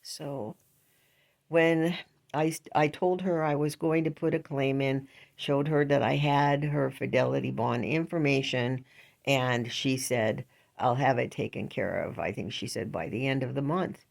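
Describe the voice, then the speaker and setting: A woman's voice: rumbling low, unhurried, gravelly, a little mellow. An older woman vlogging in a casual, rambling monologue, indignant and chatty, with frequent laughs.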